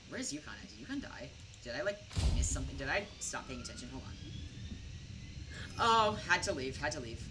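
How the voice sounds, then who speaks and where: A tipsy young woman with an American accent chats away on a gaming stream, her pitch sitting a little low but swinging widely as she rambles. The mic is set back from her, and a steady noise hums underneath. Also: a little fast. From United States. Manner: rambling, chatty storytelling with many fillers. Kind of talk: casual gaming stream chat. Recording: distant mic with background noise.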